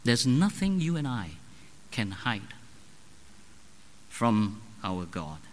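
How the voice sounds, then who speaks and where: A man preaching a sermon to a congregation, emphatic and deliberate, asking the listeners questions as he goes. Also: mid-range voice, sing-song, long reverb tail.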